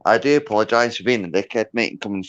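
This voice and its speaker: A man's voice: lowish voice, very fast, a bit bright. A Scottish man, tipsy with hiccups, rambling in boisterous drunken banter as a guest on a livestream. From Scotland. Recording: dull lo-fi sound.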